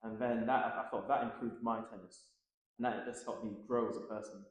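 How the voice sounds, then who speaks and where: A man in his thirties, a tennis coach chatting easily as an interview guest, with lots of fillers and quick laughs. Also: lowish voice, very echoey. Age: 30s. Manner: relaxed, filler-heavy, laughs often. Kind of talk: casual interview chat.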